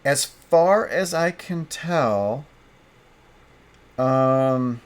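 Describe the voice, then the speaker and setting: A man playing a tabletop game solo, narrating as he thinks aloud, halting and restarting often. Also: mid-range voice, animated. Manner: halting, hesitant, frequent restarts.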